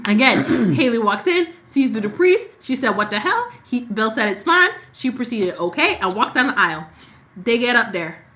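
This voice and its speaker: A bright-toned woman with a slightly high voice. She chats her way through a soap opera recap and slips into the characters' lines with sass. The feel is loose, casual podcast banter. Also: moderate pace. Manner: animated storyteller who acts out characters' lines. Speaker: podcast co-host.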